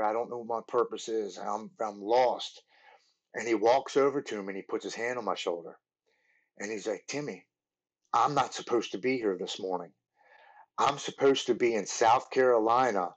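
A Maryland man in his forties joins a podcast as a guest to tell his recovery story. His lowish voice is earnest and halting, and he often restarts his words.

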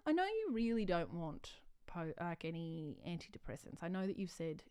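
Woman, casual interview chat, lower pitch, laughing, self-mocking. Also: big pitch swings, normal speed, darkish tone, clear, resonant tone. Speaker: comedian guest.

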